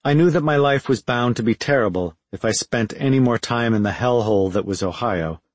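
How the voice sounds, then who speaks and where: A male audiobook narrator reads first-person prose in a measured, reflective tone. His voice sits at an average pitch. The recording is close and dry, with no room echo.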